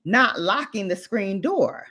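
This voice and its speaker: Animated woman telling a story. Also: mid-range voice, slow pace, husky. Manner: animated storyteller who acts out the quotes. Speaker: livestream co-host. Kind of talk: casual livestream chat.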